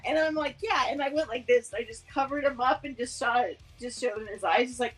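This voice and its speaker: Woman, high voice, casual podcast chat, animated storyteller, laughs often. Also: fairly quick, hardly any pauses, breathy edge. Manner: animated, laughing storyteller who acts out movie scenes. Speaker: podcast co-host.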